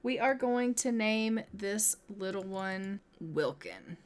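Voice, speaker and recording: A woman casually narrating her life-simulation gameplay step by step, chatty and gentle, now and then voicing her characters in quick asides. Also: medium pitch, animated. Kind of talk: casual let's-play commentary.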